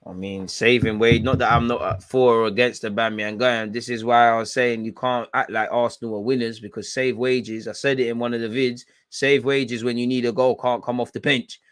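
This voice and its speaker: A man's voice: medium pitch, flat delivery, normal speed, few pauses, no echo. A young man giving blunt, slangy, frustrated running commentary while watching a football match live. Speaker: football fan channel host.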